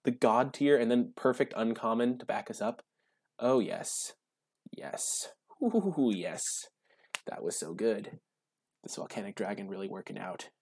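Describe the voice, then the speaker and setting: A man giving casual gameplay commentary while drafting cards, gushing and breaking into high excited shouts. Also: unhurried, gravelly, no echo. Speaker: card game drafting streamer.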